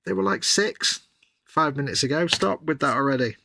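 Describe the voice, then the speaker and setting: Middle-aged co-host, wry grumbler, bright forceful tone, gravelly. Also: male voice, a little high, normal speed, slight background noise. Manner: wry, self-mocking, grumbling. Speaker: livestream co-host. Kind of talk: casual chat.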